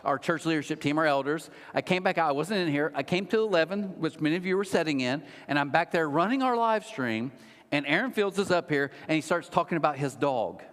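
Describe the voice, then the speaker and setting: A middle-aged man preaching a sermon as a pastor, humorous and animated with mocking asides. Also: fairly high pitch, fairly quick. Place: large church auditorium. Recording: long hall reverb.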